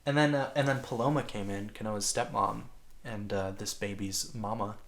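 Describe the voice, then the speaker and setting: Speaking at a moderate pace in a lowish, fairly even voice, a male podcast co-host rambles through casual stories. His chat is full of fillers like "like," and he often starts sentences over.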